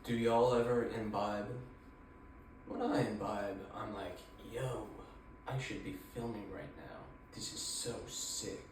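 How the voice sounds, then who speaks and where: Slow-talking man in an echoey room. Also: on the low side. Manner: rambling, crude, deadpan jokes. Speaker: vlogger. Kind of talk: casual vlog chat. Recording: distant echoey room with noise.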